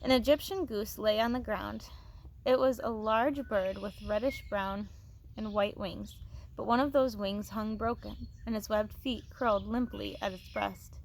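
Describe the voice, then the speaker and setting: A woman teacher reading a novel aloud to her students, expressive, with small restarts, on a phone. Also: medium pitch, measured pace, vocal fry, a little hiss or hum.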